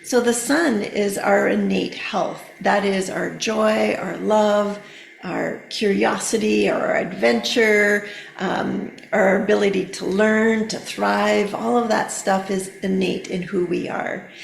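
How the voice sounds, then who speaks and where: A middle-aged woman, a therapeutic coach on a podcast, explaining gently with many fillers. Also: mid-range voice, steady tone, slow, vocal fry, roomy sound. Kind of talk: casual podcast conversation.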